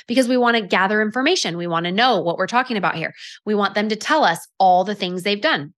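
A woman's voice: mid-range voice, fast, a bit bright. A woman giving casual sales coaching, talking in a chatty way with plenty of fillers and restarts, and acting out customer conversations. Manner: acts out customer dialogue in quotes.

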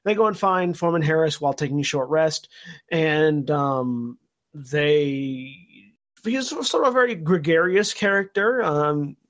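Brief: male podcast co-host, slightly high voice, meandering recap with lots of ums. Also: animated, a little slow, fairly bright tone. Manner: thoughtful, recaps at length with many fillers. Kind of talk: casual podcast discussion.

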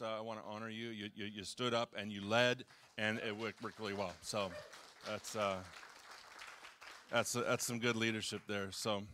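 Bright-voiced pastor, chatty and joking. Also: male voice, on the low side. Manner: chatty, jokes and acts out quotes, talks with the audience. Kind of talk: casual conversational sermon. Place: church hall.

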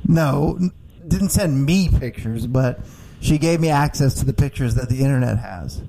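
A man's voice: medium pitch, lively intonation, normal speed, vocal fry, mellow, slight background noise, poor audio. A man co-hosting a radio show, laid-back and laughing often. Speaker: radio co-host. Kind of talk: casual radio chat.

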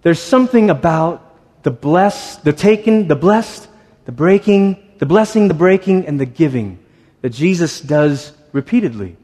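A man preaching a sermon in a church, talking in a conversational, animated storytelling way with quick asides. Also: fairly high pitch. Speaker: pastor. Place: church sanctuary. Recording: reverberant church hall.

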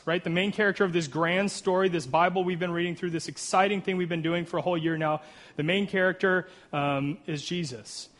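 An earnest man preaching a sermon in a fairly high-pitched voice. He reads scripture with rising emphasis and breaks it up with casual asides and jokes at his own expense. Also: fairly bright tone. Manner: earnest, with frequent "right?" asides and self-deprecating humor. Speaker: pastor.

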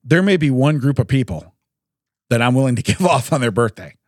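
A man hosts a podcast in a relaxed, chatty way, his voice swinging widely up and down in pitch. He often laughs and clears his throat between stories. The sound is dry and close. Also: fairly quick, dry recording. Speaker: podcast host. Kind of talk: casual chat, recounting news stories.

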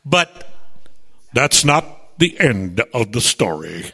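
A man hosting a radio show, chatty and animated as he tells stories, often stumbling over repeated words and slipping into voices. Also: medium pitch, slow pace, slightly rough. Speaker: radio host. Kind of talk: animated on-air storytelling. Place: radio studio.

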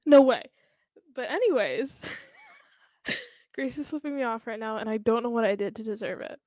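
A young woman with a fairly high voice chats casually as a podcast co-host. She laughs often, says "like" a lot and restarts her sentences. The recording is close and dry. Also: normal speed, a little mellow, no echo. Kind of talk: casual chat.

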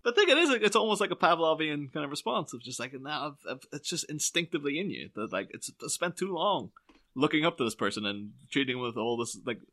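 A man's voice: fairly high pitch, quick pace. A young man co-hosting a podcast, chatting casually about a film with lots of fillers and restarts. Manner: animated, rambling with many fillers and restarts. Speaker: podcast co-host.

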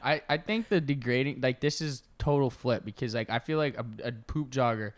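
A man's voice: mid-range voice, brisk. A man co-hosting a comedy podcast, chatting casually with crude jokes and reading out odd news stories. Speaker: podcast co-host.

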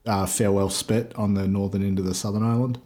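A man's voice: lowish voice, level tone, fast talker, mellow. A man with a New Zealand accent chatting casually on a podcast, answering briefly and throwing in dry quips. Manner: dry quips, short replies. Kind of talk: casual chat.

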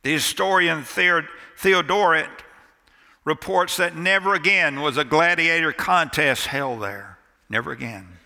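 Preaching in a church sanctuary, a male pastor uses a high, very bright and forceful voice that trails into long hall reverb. He unfolds his sermon story slowly and deliberately, with dramatic pauses and emphatic dips to near quiet.

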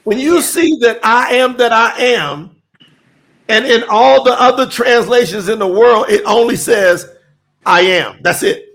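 High gravelly man teaching scripture. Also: unhurried, a bit bright. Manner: emphatic, preacherly, dramatic quoting. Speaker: teacher and telethon host.

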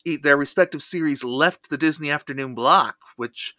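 A man co-hosting a podcast in casual chat, steady and informative, moving the talk from one topic to the next. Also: a little high, normal speed, dry recording. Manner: steady, informative, guides the segments. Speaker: podcast co-host.

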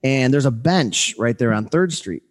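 A man in his thirties hosts a casual interview, his voice sitting at a middle pitch. He tells stories with lively energy and frequent laughter. His pitch jumps up sharply at funny moments. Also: moderate pace. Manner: animated storyteller, laughs often. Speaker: podcast host.

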